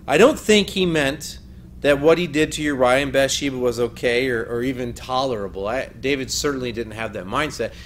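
Man, slightly high voice, earnest counseling lecturer, faint noise behind. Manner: earnest, emphatic, quoting scripture. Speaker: teacher of biblical counseling. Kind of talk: recorded teaching lecture.

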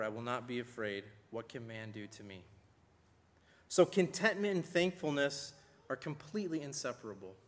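A man preaching a sermon with emphasis, slowing down to stress the scripture he quotes. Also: mid-range voice. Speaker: pastor. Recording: long hall reverb.

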